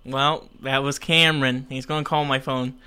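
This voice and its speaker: A man's voice: mid-range voice, level tone, moderate pace, sharp tone, clear, resonant tone. A young man hosting a live show in casual chat, rambling and frustrated by technical trouble. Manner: frustrated, rambling, self-mocking. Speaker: show host.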